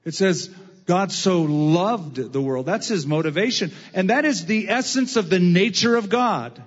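A man preaching a sermon as pastor, slow and emphatic with drawn-out phrases. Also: high-pitched, slightly rough, big-room sound, muffled recording.

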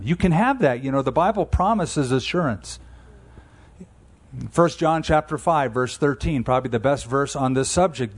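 A man in his sixties preaching with a somewhat high voice. He talks to the congregation in an easy, conversational way, then leans hard into the words that matter and slows right down on them. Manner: emphatic, conversational preaching with slowed key phrases. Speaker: pastor. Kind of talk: sermon.

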